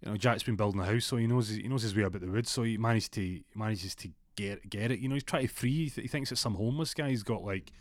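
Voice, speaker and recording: A young man tells a spooky story in a loose, rambling way, often restarting his sentences. His voice sits on the low side. The recording is dry and close. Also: fast talker, few pauses, no room sound. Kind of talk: casual spoken storytelling.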